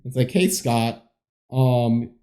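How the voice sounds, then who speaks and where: A man's voice: mid-range voice, slow pace, mellow. A man co-hosting a podcast, casually recapping a movie with dry, wry asides. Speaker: podcast co-host.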